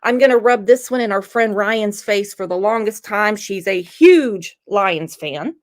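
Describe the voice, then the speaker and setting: A woman's voice: medium pitch, lively intonation, a little slow. A woman with a Southern US accent hosting a casual livestream, teasing her guest and reading viewer comments aloud. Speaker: host.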